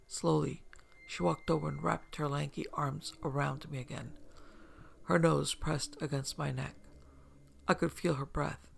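A man telling a first-person story in a soft, measured voice that turns hushed at times. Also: fairly high pitch, fairly even intonation, gravelly. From upstate New York. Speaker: narrator.

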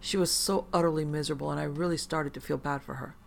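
A narrator telling a first-person horror story in a dry, measured way with slow dramatic pauses, over a faint music bed. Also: medium pitch, gravelly.

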